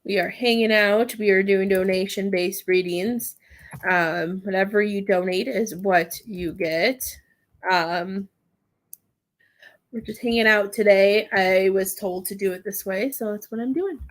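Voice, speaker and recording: A woman's voice: mid-range voice, measured pace. A woman chatting casually with viewers on a livestream, rambling and laughing often as she offers readings. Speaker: psychic medium livestreamer.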